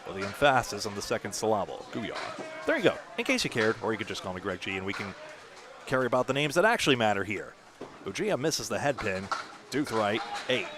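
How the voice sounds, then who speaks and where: A man calling bowling play-by-play, animated on each shot with chatty asides. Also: on the low side, fast talker. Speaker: play-by-play commentator. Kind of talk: live sports commentary. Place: bowling alley. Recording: noisy bowling alley broadcast.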